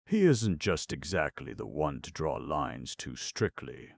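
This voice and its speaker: A man's voice: very deep voice, sing-song, a little slow, creaky, no room sound, clean studio sound, full character voice. A man voicing a casual young society man who speaks offhandedly in an audiobook. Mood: offhand.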